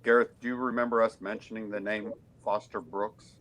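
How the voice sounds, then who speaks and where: A man's voice: on the low side, little pitch movement, fairly quick, a crowd in the background. A man chatting in a friendly way on a group call. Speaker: caller.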